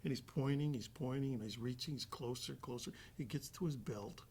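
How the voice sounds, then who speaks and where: A man telling a story in a casual podcast chat, animated and often restarting his sentences. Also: mid-range voice, a little fast, slight background noise. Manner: animated, acts out quoted voices, trails off and restarts.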